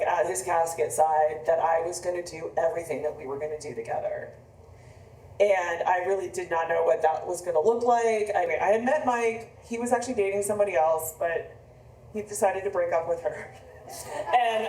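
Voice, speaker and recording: A woman's voice: lowish voice, a little mellow, a little hiss or hum. A woman in her fifties, an author, telling a personal story in a rambling, conversational way with frequent restarts. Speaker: author on book tour. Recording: echoey room, mic from a distance.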